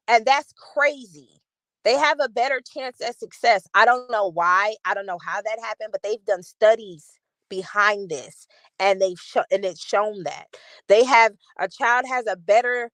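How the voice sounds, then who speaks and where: A woman's voice: a little high, dry recording. Chatty woman with a dry, close sound. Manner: chatty, animated, talks straight to viewers. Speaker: channel host. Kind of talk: casual commentary to a live chat.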